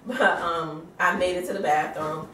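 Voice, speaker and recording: A woman's voice: fairly low pitch, fairly even intonation, moderate pace, sharp tone, recorded from a distance. A tired, pregnant woman in her thirties tells a home story in casual vlog style, acting out the quotes and breaking into laughs. Her voice comes from a little way off the mic. The room around her is roomy, with a faint hum of ambience underneath. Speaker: vlogger. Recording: roomy sound from away from the mic.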